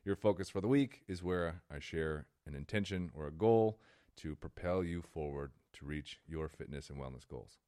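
A man's voice: extremely low pitch, moderate pace, dark tone, clear, resonant tone, no room sound. A man with a Texan accent hosting a podcast and interviewing a guest in an upbeat, enthusiastic way. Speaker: podcast host. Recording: dry, close mic.

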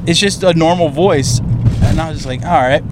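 A podcast co-host riding in a car, a man with a slightly high voice. He chats casually, swearing often and ranting with energy. Clear road and car noise runs under his voice. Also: a little fast. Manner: profane, animated ranting. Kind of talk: casual chat.

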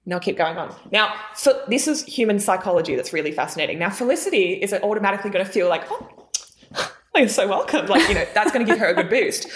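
She talks fast with barely a pause, a young adult guest coach on a podcast who stays animated and varies her pitch to underline what matters.

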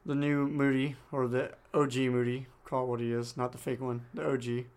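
A man's voice: mid-range voice, little pitch movement, brisk, a little mellow, clean tone. A man co-hosting a podcast, casually retelling a book with lots of fillers. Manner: loose retelling, many fillers. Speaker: podcast co-host.

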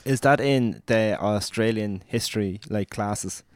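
A man's voice: fairly low pitch, measured pace, smooth, dry recording, studio quality. An Irish man co-hosting a podcast, reading out facts and names with small hesitations. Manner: reads out facts and lists with hesitations. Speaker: podcast co-host. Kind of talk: casual chat.

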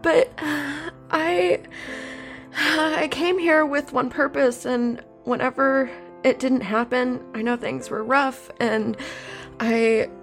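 A woman voicing a devoted young woman saying goodbye to her love, slow and halting, with a gravelly edge in her higher voice. Soft music drifts behind. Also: fairly even intonation. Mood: loving, tearful. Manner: slow, halting, emotional confession. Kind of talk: in-character speech in a tabletop game.

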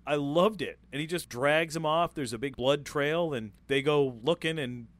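A man talking about a film in a rambling, excited way, swearing often. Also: fairly high pitch, moderate pace. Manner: enthusiastic, profane, rambling. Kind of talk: casual movie discussion.

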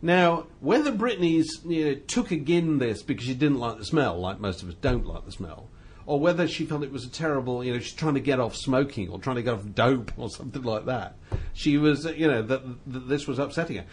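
A man co-hosting a casual studio chat, rambling and animated, laughing often. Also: mid-range voice, a little fast, slight background noise. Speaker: co-host.

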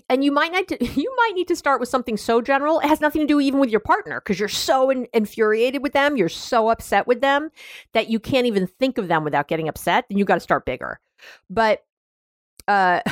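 A woman talking through a self-help idea in a loose, chatty podcast monologue, pitched at a middling height. She laughs often and starts sentences over, recorded on a dry, close mic. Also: no room sound. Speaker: podcast host.

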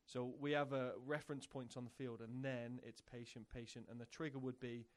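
A man's voice: medium pitch, flat delivery, brisk. A man who coaches soccer, a guest on a podcast interview, explaining his ideas in a casual way, often repeating words as he thinks.

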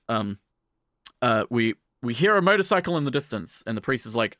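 A man casually recapping an anime plot for a podcast, jumping into quick character voices as he goes. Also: mid-range voice, no room sound, studio quality. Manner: animated, acts out characters' lines in quick voices.

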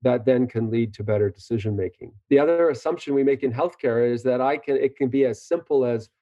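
A doctor explaining patiently and earnestly in an interview, a man in measured conversation. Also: mid-range voice, dark tone, no room sound. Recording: dull lo-fi recording.

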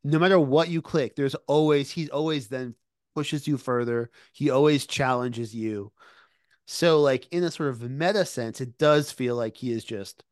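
A man's voice: medium pitch, normal speed, no echo, clean studio sound. A man co-hosting a podcast, casually retelling events with many fillers. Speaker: podcast co-host. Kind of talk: casual discussion.

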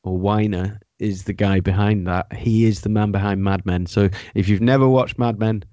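A man's voice: on the low side, fairly even intonation, normal speed, dark tone, no room sound, highs cut off. A man hosting a podcast, talking through TV shows in casual, wry, sometimes sweary banter. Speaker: podcast host. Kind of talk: casual chat.

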